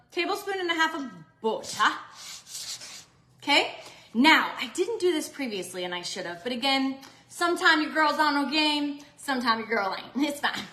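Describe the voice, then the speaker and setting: Bubbly high-voiced woman. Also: bright, forceful tone, roomy sound. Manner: bubbly, chatty, talks to viewers. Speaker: cooking vlogger. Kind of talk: chatty cooking live stream. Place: home kitchen.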